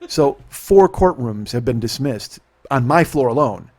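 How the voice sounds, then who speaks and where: A middle-aged man, a podcast host, telling a profane, animated story in casual talk and acting out the dialogue. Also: mid-range voice, measured pace.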